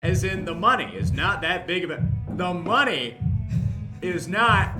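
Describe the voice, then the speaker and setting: A man's voice: high-pitched, animated, a little slow. A man playing a tabletop role-playing game, giggly and rambling, swearing often. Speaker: player. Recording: echoey room, music playing.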